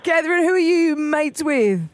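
A woman's voice: sits high, expressive, moderate pace, over a noisy crowd. A woman hosting breakfast radio, chatty and enthusiastic, laughing often with her co-hosts. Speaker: radio host. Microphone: studio microphone.

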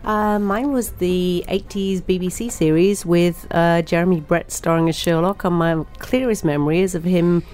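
Woman, guest, lowish voice, warm and reminiscing. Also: fairly even intonation, normal speed, hardly any pauses, smooth, faint music behind. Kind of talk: radio interview.

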